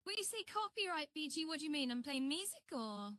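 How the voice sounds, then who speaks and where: Woman, high voice, dry close sound, rambling live-stream chat, greets viewers. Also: big pitch swings, a little fast, sharp tone, no room sound. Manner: rambling and chatty, greets viewers as she works. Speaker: live streamer building a virtual world.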